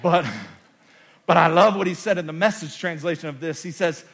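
A man preaching a sermon to his congregation, swinging from quiet, joking asides to loud, shouted proclamations. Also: a little high, fairly even intonation, fairly quick. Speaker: pastor. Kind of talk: energetic sermon. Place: church sanctuary with congregation.

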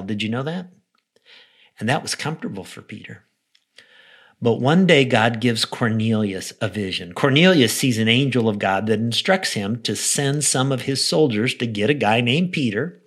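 Guy preaching a podcast devotional, mid pitch, lively storytelling. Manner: animated storytelling, acts out quoted voices; soft, prayerful close. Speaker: pastor.

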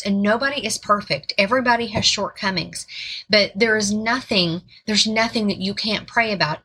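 A woman's voice: mid-range voice, pushed and bright, slightly rough. A woman giving an informal sermon, earnest and repeating words for emphasis. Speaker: Bible teacher.

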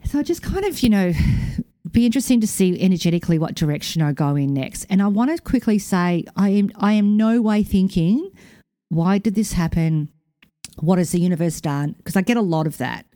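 A middle-aged woman hosting a podcast, telling a personal story in a chatty, animated way and acting out quotes, while recovering from a concussion. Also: fairly low pitch, brisk, dry recording, clean studio sound. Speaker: podcast host. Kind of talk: casual storytelling monologue.

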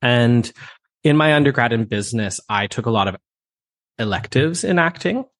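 A man from Canada, a voice teacher, talking as a guest in a conversational interview, thoughtful and expressive with many fillers. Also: mid-range voice, normal speed.

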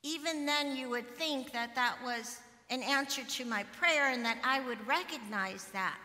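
A woman pastor in her middle years, preaching in a relaxed storytelling way. Her voice is bright and rather high for a woman. A long church reverb trails after every phrase. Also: measured pace. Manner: personal storytelling, conversational and animated. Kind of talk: sermon. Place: church sanctuary.

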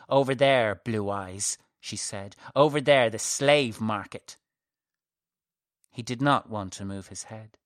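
A man reads his own story aloud in a measured, softly dramatic narration. He takes his time, at an unhurried pace. The recording is dry and close, with no room sound. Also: mid-range voice, clean tone, no room sound.

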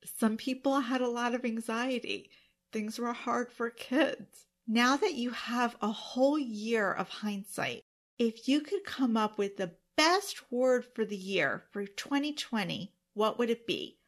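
With an unhurried voice on the high side, a podcast host delivers a solo monologue to her listeners. She sounds earnest and deeply emotional, tearing up at moments.

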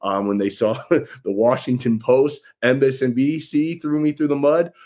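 A political candidate gives a campaign address to his followers, folksy and emphatic, repeating phrases for effect. His mid-range voice has a dark tone, fairly even intonation, and normal speed.

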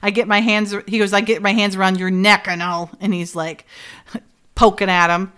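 A woman in casual conversation recaps a TV episode with lively energy. She quotes the characters as she goes and laughs along. Her pitch sits in a middle range. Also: moderate pace, smooth. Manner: animated retelling, quoting characters with laughs. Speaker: podcast co-host.

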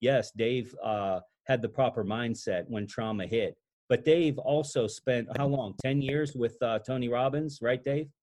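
A man's voice: medium pitch, a little slow, a little mellow. Encouraging male podcast host. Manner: encouraging, motivational. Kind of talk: interview and show sign-off.

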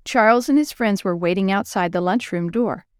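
A woman narrating a children's Bible story in a clear, expressive storybook manner. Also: mid-range voice, moderate pace, no room sound, studio quality.

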